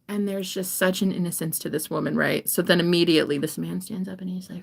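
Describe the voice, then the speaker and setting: Animated, swearing woman tarot reader. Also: lowish voice, fast, vocal fry, hardly any pauses, breathy edge. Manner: animated, profane, dips into whispers. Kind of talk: casual reading monologue to camera.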